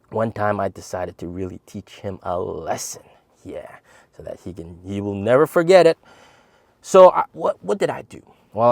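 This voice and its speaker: Animated man in his thirties telling a story. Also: dry recording. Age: 30s. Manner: animated, acts out quotes in a high voice. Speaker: channel host. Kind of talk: casual storytelling to camera.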